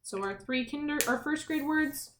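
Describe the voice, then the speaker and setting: A high-pitched female teacher works with young children in a remote lesson, spelling words letter by letter in a slow, clear way and cheering them on with questions. The room echoes, and there's a little hiss or hum.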